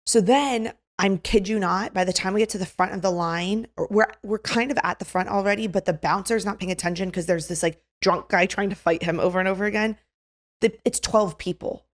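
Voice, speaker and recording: A young woman co-hosting a podcast, telling a story in a casual chat, animated, acting out quotes, with lots of "like". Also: medium pitch, fairly quick. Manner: animated, acts out quotes, filler "like". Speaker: podcast co-host.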